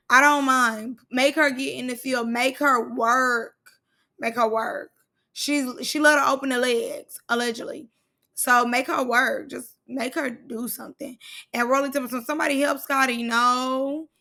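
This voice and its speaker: A woman's voice: high-pitched, pushed and bright. A woman vlogger recapping a reality show in casual, blunt, slangy commentary.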